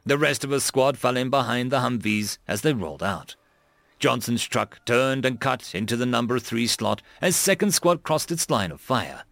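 Animated male audiobook narrator. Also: moderate pace, creaky, dry recording. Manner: lively, dramatic reading with varied pitch. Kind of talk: audiobook narration of military fiction.

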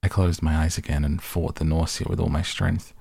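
A man reading an audiobook in a measured, steady way. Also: very deep voice, vocal fry, breathy edge, no echo, studio quality. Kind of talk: audiobook narration.

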